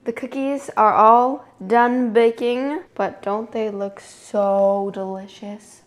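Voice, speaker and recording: A young woman hosts a casual baking video in her kitchen, her fairly high voice slow and fairly even in intonation. She chats as she works, amused by herself.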